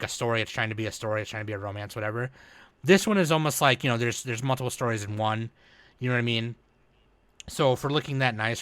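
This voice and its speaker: A man's voice: medium pitch, bright, forceful tone, no echo. A man on a podcast chatting casually about anime, rambling and swearing as he goes. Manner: rambling, profane, laughing. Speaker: podcast host. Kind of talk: casual chat.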